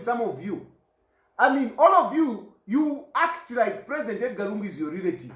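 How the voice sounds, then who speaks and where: A man's voice: very high-pitched, fairly bright tone, reverberant. A Zambian man delivering an impassioned political rant, indignant and fond of repeated rhetorical questions. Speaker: political commentator.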